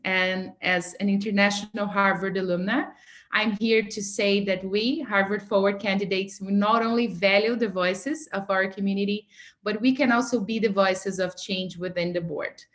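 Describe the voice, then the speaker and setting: A woman delivers a prepared campaign speech in a measured, earnest way, pitched at a middle height. She speaks over a video call. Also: fairly even intonation. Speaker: board candidate.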